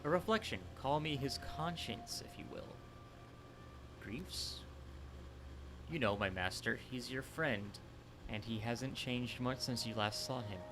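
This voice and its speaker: A man voicing a calm, mysterious male reflection who speaks as someone's conscience, in a soft, measured, confiding way, on a headset mic. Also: medium pitch, background noise, close to an everyday voice.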